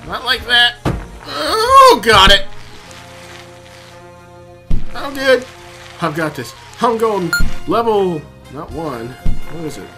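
A man playing a video game and narrating as he goes, his voice swinging wildly from low mutters to sudden yelps. He talks slowly and swears freely at the screen. Game music plays steadily behind him. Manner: excitable, profane, yelling at the game. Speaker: gaming video host. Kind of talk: casual let's-play commentary.

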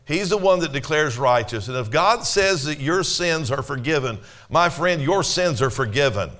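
Higher-pitched male pastor preaching conversationally. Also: animated, normal speed, a bit bright. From Canada. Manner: conversational preaching with rhetorical questions. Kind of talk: sermon. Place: church.

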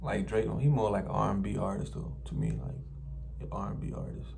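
A man from New Orleans with a low, gravelly voice talks loosely to his viewers as a reaction host. He keeps circling back to the lines he likes. The recording carries a clear layer of noise. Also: sing-song, fairly quick, a little mellow. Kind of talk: casual reaction commentary.

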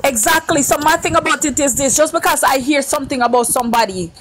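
Earnest high-voiced woman. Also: fast talker, a bit bright, soft background music. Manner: earnest, lecturing, repeats points. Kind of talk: casual live-stream chat.

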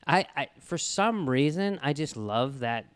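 A man's voice: on the high side, expressive, smooth. A man co-hosting a podcast, recapping a TV episode in a rambling way and acting out lines from scenes. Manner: rambling, quick asides, acts out scenes in quoted voices. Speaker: podcast co-host. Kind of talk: casual chat recapping a TV episode.

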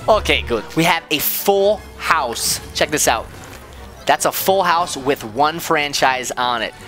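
A man hosting a let's-play, joking excitably as he plays a game, with game music behind him. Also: a little high, a little slow. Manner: excitable, goofy, jokey. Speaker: gaming channel host.

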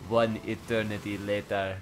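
A man voicing a dramatic male cartoon narrator, announcing time skips in a slow, solemn way. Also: lowish voice, level tone, slight background noise, voice pushed down, close to an everyday voice.

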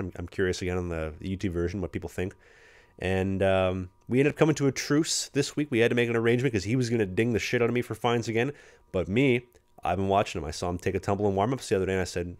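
A young man with a Canadian accent, a pro hockey rookie co-hosting a podcast, rambling through anecdotes and acting out his teammates. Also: sits low. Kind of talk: casual storytelling chat.

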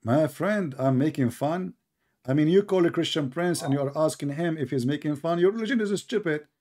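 A man's voice: a little high, fairly quick, a little mellow. A man hosting a heated debate, mocking and sarcastic, talking over his opponent with broken English. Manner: mocking, sarcastic, talks over the other speaker. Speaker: debate host.

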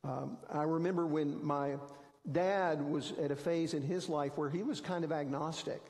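A man's voice: a little high, fairly even intonation, moderate pace, a little mellow, in a large hall. A man preaching a sermon as pastor, telling stories in a conversational, self-deprecating way. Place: church sanctuary.

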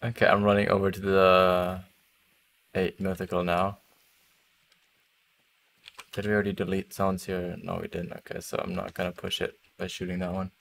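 A man's voice: sits low, monotone, normal speed, creaky, long pauses, fairly bright tone, slight background noise. A young man chatting casually while streaming a hunting game, laughing easily and trailing off mid-thought. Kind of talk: casual gaming chat.

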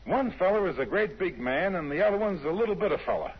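A man's voice: sits high, animated, quick pace, breathy edge, heavily acted. An actor playing an eager young man of a singing team, talking in a 1950s radio drama style with hesitant starts. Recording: dull old radio broadcast.

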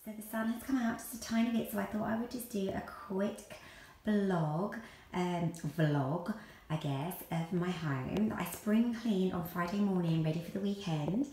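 A lifestyle vlogger tours her own home for a vlog, chatting casually and rambling with many ums. Her voice is warm and medium-pitched at a normal speed, and the room at home sounds echoey.

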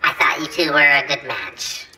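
A woman's voice: low voice, expressive, moderate pace, crowd noise. A woman hosting a dating show, teasing the contestants from off camera. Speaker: show host. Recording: loud music underneath.

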